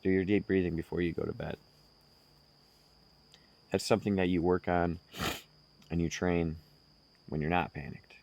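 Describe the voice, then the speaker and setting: A man speaking slowly and earnestly, giving direct self-help advice to the listener. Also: deep voice, fairly even intonation, darkish tone, muffled recording. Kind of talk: casual advice monologue.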